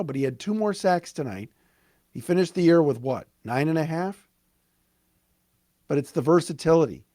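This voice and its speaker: A man hosting a solo sports podcast, recapping a game in an excited, emphatic, conversational way. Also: on the high side, no room sound, studio quality. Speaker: podcast host.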